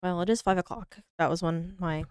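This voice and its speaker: A woman's voice: lowish voice, brisk, clean tone, no room sound, clean studio sound. A young woman streaming a game from home, chatting casually in a rambling, mock-whiny, self-deprecating way. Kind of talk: casual live-stream chat.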